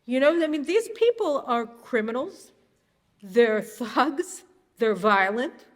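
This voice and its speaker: A woman speaks to a crowd from a stage, and her fairly high voice rings out with a long reverb tail in a large hall. She talks in an animated, sarcastic way, stumbling into restarts and then driving her points home with rising indignation. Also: slow pace. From United States. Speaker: guest speaker. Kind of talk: public talk. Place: synagogue hall.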